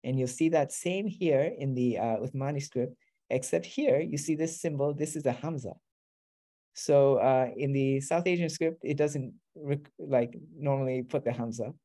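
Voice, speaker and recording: A man's voice: medium pitch, moderate pace, mellow. A man teaching a beginner class, explaining patiently step by step. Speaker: Arabic teacher.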